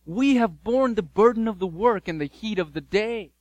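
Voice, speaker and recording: A man's voice: high-pitched, expressive, moderate pace, darkish tone, no echo, voice pushed up. A preacher acting out grumbling male field laborers. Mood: indignant. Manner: indignant, complaining. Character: resentful all-day male field laborers.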